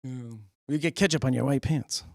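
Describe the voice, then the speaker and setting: A young man doing a stand-up comedy set, deadpan and rambling, acting out characters in quick voices. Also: medium pitch, dry recording, clean studio sound.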